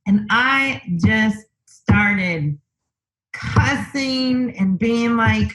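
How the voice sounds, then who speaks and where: Slow-spoken woman telling a story. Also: on the high side, a bit bright, a little hiss or hum, poor audio. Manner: unhurried, thinks aloud with many fillers. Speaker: interview guest. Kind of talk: casual conversational storytelling.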